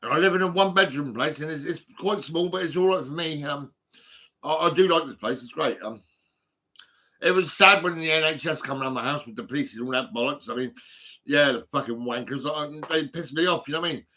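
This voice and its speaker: A middle-aged man from Hampshire talks casually in a southern English accent, his voice bright and forward. He rambles, swears freely and stumbles through fillers and restarts. It sounds like a phone recording in a small room. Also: fairly high pitch, fairly quick. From England, Hampshire. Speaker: vlogger.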